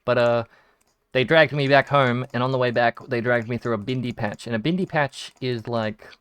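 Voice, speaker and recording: A man's voice: mid-range voice, steady tone, normal speed, a bit bright, clear, resonant tone. A young Australian man telling rambling stories full of restarts and swearing while he plays a game. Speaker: video game streamer. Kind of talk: casual storytelling while gaming.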